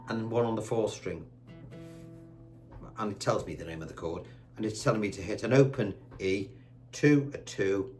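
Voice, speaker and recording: A man teaching guitar with a chatty, patient manner, counting the beats out loud slowly while he plays. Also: lowish voice. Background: guitar playing.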